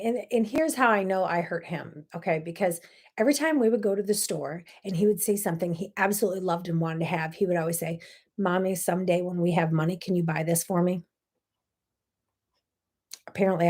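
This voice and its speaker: A woman's voice: lowish voice, mellow. Earnest woman host telling a story. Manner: earnest, emotional, many asides. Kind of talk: personal storytelling talk.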